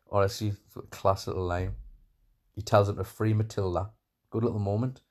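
A man's voice: on the low side, level tone, quick pace, a little mellow. A man casually retelling a film's plot scene by scene, rambling with many fillers and enthusiastic asides. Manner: enthusiastic, calls scenes "class". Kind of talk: casual film recap.

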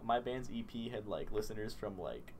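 Low-voiced young male co-host, relaxed and brief, faint noise behind. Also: normal speed. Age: young adult. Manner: laid-back, short replies. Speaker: podcast co-host. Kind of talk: casual podcast chat.

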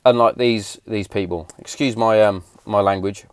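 A man's voice: on the low side, fairly even intonation, moderate pace, dry recording. A man, hosting a casual podcast in a blunt, sweary, heated way. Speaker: podcast host.

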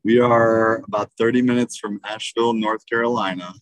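A tired man talks from a car while on tour, his voice low and mumbling, picked up dry and close. He sounds worn out but easygoing. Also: steady tone, brisk, no room sound, poor audio. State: worn out from touring. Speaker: guest musician. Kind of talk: casual interview.

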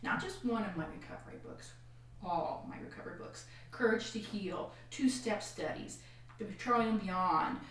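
A woman guest on a podcast, telling a painful personal story in an animated way and acting out the voices of other people. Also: mid-range voice, normal speed. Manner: animated, acts out quoted voices, frequent laughs. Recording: far-off echoey room mic.

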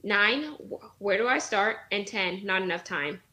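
Bright-voiced encouraging woman guest. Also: medium pitch, lively intonation, measured pace. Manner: encouraging, motivational. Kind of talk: casual chat.

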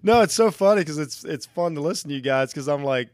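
A man's voice: on the high side, expressive, fast talker, a little mellow, no room sound, clean studio sound. A middle-aged man from Ohio hosting a casual podcast chat, rambling with lots of restarts and the odd swear word. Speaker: podcast host.

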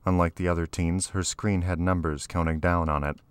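A man narrating an audiobook in a steady, even storytelling manner. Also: deep voice, fairly quick, clean tone, no room sound. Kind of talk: scripted narration.

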